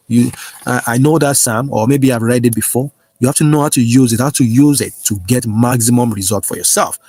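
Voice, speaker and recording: Man, spiritual teacher, husky voice, insistent repetitive preaching, dry sound. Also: medium pitch, a little mellow, no room sound. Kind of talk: spiritual teaching and affirmation prayer.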